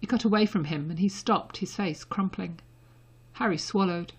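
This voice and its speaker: A woman narrating a story as an audiobook reader, in a soft and intimate delivery. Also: medium pitch, moderate pace, husky.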